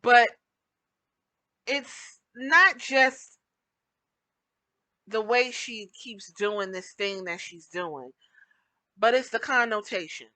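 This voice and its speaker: Woman podcast host ranting, bright sharp voice, dry close sound, blunt and animated. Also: fairly high pitch, slow pace, long pauses, no echo, low-quality recording. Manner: animated, blunt, switches into mock voices to make points. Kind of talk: opinionated podcast commentary.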